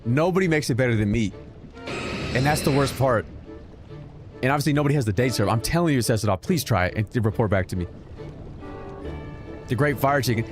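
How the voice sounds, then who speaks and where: Lively joking male game streamer. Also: medium pitch, a little fast, long pauses. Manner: animated, joking, swears freely. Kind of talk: casual gameplay commentary. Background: game music.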